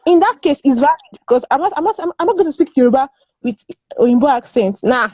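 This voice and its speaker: A high-voiced woman argues her point in a casual discussion. She is emphatic and repeats herself, and she laughs often. Her tone is mellow and dry, and the recording sounds dull and muffled. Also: animated, fast talker, dry recording. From Nigeria. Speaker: guest panelist.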